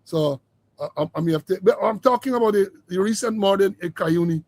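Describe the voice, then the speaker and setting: A man's voice: high-pitched, fairly quick, darkish tone, no echo. A man giving a rambling political commentary, emphatic and repetitive, stretching out words for stress. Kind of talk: informal political commentary monologue.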